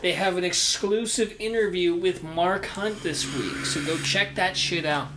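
A man co-hosting a casual sports podcast, blunt and profane, quick to laugh. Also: high voice, noisy background. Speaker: podcast co-host.

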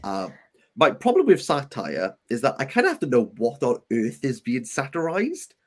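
A man with a Welsh accent hosting a casual book chat, talking in animated, rambling bursts with self-deprecating asides. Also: mid-range voice, moderate pace. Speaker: book channel host.

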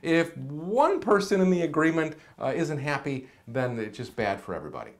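A middle-aged man giving an enthusiastic, animated video lesson as a career coach, speaking straight to the camera. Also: a little high, moderate pace. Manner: energetic, animated, direct to camera. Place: indoors, seated on camera.

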